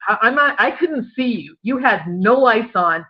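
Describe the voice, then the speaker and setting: Woman guest, chatty and laughing, very lively high voice, muffled sound. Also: normal speed, breathy edge. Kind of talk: casual chat.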